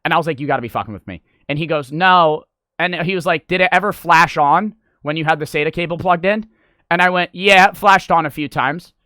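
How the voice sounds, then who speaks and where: A young man tells a story from his streaming life, and his voice swings between loud outbursts and grumbles. His tone is bright and forceful. The room sound is dry and close. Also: a little high, fairly quick, clear, resonant tone, no room sound. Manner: swearing, excitable, acts out quoted voices. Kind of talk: animated storytelling vlog.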